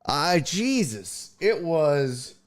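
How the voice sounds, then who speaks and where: A man hosting a casual live stream, talking slowly and loosely with plenty of swearing. His pitch swings widely as he chats and calls out to viewers by name. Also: very animated. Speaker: podcast host on a live stream. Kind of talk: casual chat, reading out live chat.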